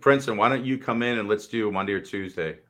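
A playful man co-hosting a live talk show, with a fairly low voice. He is excitable and stammers when excited. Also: fast, a crowd in the background. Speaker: podcast co-host.

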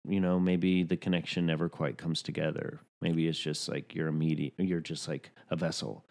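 A man's voice: extremely low pitch, level tone, normal speed, creaky, darkish tone. A man, a podcast host, talking thoughtfully in a casual conversation. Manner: reflective, thoughtful, speaks in considered phrases.

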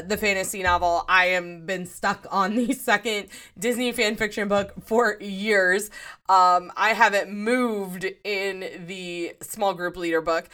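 A woman's voice: medium pitch, sharp tone. A woman hosting her own podcast, talking casually on her own, often restarting her sentences and laughing as she goes. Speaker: podcast host. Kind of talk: casual solo podcast talk.

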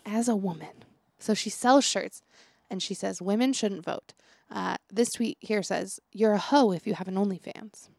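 Chatty woman with a gravelly voice. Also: medium pitch, moderate pace, a little mellow, no room sound, studio quality. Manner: chatty storyteller, acts out quotes, laughs often. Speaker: podcast co-host and teacher. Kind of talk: casual podcast chat.

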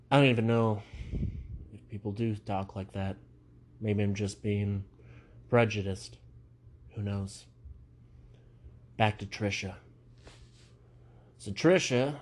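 Young male comic, slow deliberate delivery, low voice, meandering self-deprecating asides. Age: young adult. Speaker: stand-up comedian. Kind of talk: rambling stand-up monologue.

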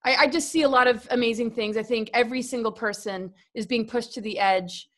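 A woman's voice: a little high, brisk. A woman talking casually about spirituality as a guest in a conversation, earnest and rambling, often restarting and repeating words.

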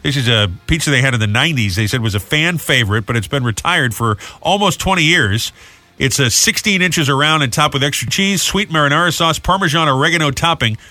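A male radio co-host rattles through food news and trending stories at a brisk clip, cracking jokes and teasing his partner. His voice is bright and forward, and the studio sound is dry and close. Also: fairly high pitch, animated, no room sound. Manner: jokey, quick, teasing. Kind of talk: casual morning-show banter.

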